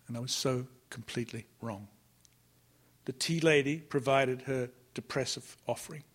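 A man narrating a literary novel in the first person, measured and often sinking to a hush. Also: medium pitch. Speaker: audiobook narrator.

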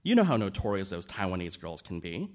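A man's voice: low voice, huge pitch swings, fairly quick. A man voicing a catty, cackling society woman who relishes scandal. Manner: cackling, gleeful gossip.

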